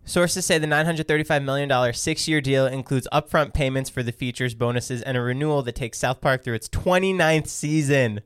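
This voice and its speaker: Playful young man with a smooth voice. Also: medium pitch, steady tone, brisk, hardly any pauses, a bit bright, no echo, clean studio sound. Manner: playful, laughs often, teasing. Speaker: podcast co-host. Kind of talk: casual podcast chat with read ads.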